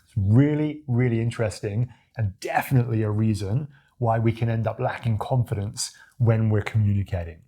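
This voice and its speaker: A man from Australia with a deep voice, coaching viewers on confident speaking in a demonstrative, animated way. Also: moderate pace. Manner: demonstrative, animated, acts out examples with his voice. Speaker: communication coach. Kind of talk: talking-head tutorial to camera.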